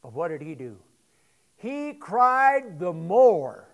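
A man with a high voice preaches unhurriedly in a church sanctuary. His delivery swings from hushed asides to loud, shouted scripture lines, and he calls on the congregation to answer back. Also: very animated, slow pace. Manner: call-and-response with congregation. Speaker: pastor. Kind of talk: sermon.

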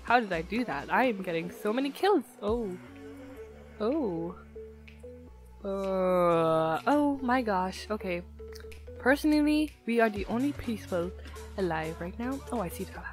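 A woman's voice: medium pitch, normal speed, faint music behind. A young woman giving casual gameplay commentary, hyper and giggly, slightly altered pronunciation from a retainer. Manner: hyper, giggly, excitable, swings between loud shrieks and muttering. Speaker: gaming YouTuber. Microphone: desktop mic, no face cam.

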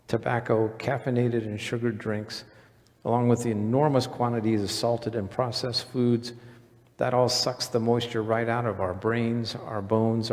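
A male pastor giving a conversational sermon in a church, putting questions to the congregation. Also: mid-range voice. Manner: conversational preaching, quizzes the congregation. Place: church sanctuary. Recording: reverberant church hall.

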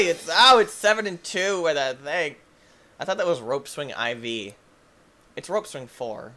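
A young man narrates his game with goofy, excitable let's-play commentary. His voice is bright and sharp, with a pitch that leaps around wildly. He often breaks into yelps and shouts. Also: unhurried. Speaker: gaming video host.

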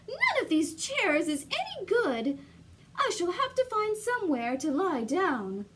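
A woman's voice: very high-pitched, huge pitch swings, a little slow, a bit bright, voice pushed up, heavily acted. A woman voicing a fussy, bold little girl in a storybook reading. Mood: cross.

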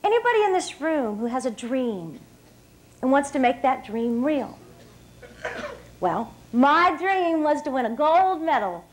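High-voiced woman giving an upbeat speech. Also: a little slow, a little hiss or hum, low-quality recording. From West Virginia, USA. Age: 30s. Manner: lively storyteller, often laughing, addressing the crowd directly. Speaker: dinner speaker. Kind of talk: motivational speech to an audience. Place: stage at an evening dinner event.

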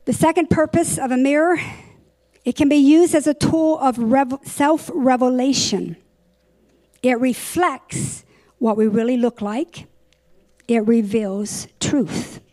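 A woman teaching a church Bible lesson, reading verses and explaining them in a deliberate way, sometimes correcting herself. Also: high voice, dark tone.

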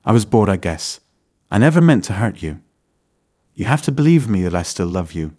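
A man's voice: fairly low pitch, very animated, normal speed, darkish tone. A man reading as a pleading cheating wife. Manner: desperate, pleading. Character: pleading young adult wife caught cheating.

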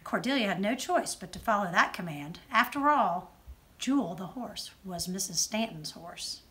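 Expressive woman reading a storybook. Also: medium pitch, moderate pace. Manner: expressive storytelling, softer on narration tags. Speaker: judge reading aloud. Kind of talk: children's book read-aloud.

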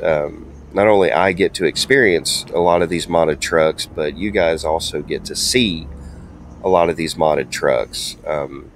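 A man's voice: low voice, slight background noise. A man giving rambling, laid-back commentary while playing a driving game. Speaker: game streamer. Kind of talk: casual gameplay commentary.

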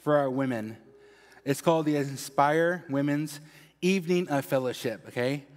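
A man's voice: a little high, normal speed. A man with a Mexican accent giving upbeat church announcements and a prayer, tagging "okay?" onto nearly every phrase. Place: church sanctuary. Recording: long hall reverb.

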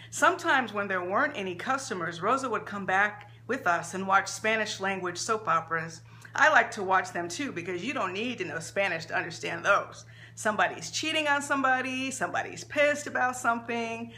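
Bright-voiced woman reading a story aloud. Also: medium pitch. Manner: expressive, measured storytelling. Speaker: author reading her story.

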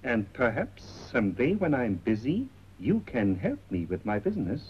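An actor as a smooth bazaar owner, soft and coaxing, lively pitch, dull old soundtrack with faint hiss. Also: male voice, normal speed, lightly acted. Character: smooth middle-aged bazaar owner, ingratiating. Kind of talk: 1930s film acting.

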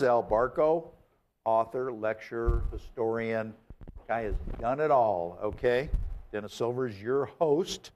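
A man hosting a casual talk show, animated and jokey, often breaking into laughter. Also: mid-range voice, measured pace. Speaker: host. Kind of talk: casual chat.

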